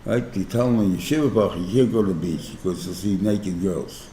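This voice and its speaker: A New rabbi giving an informal class, talking conversationally, often checking in with "right?" and using everyday examples. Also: male voice, low voice, fairly quick, mellow, echoey room, slight background noise. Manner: explains through everyday examples. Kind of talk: informal Torah class lecture.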